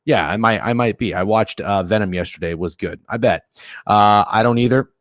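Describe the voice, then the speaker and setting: A man hosting a sports betting livestream, ranting in a profane, opinionated way with sudden loud outbursts while reading chat. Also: on the low side, brisk, dry recording, clean studio sound. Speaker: sports betting stream host.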